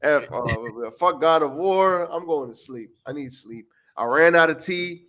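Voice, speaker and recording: A man's voice: fairly high pitch, animated, unhurried, pushed and bright. A tired man co-hosting a casual podcast livestream, rambling, joking at himself and swearing often. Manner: rambling, self-mocking, swears a lot. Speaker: podcast co-host.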